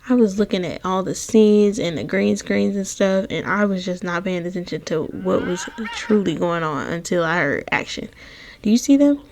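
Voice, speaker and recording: A woman's voice: lowish voice, normal speed, vocal fry, a little mellow. A young woman giving casual gameplay voiceover commentary, sassy, slangy and dramatic, talking straight to her viewers. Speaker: gaming content creator. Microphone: close voiceover mic.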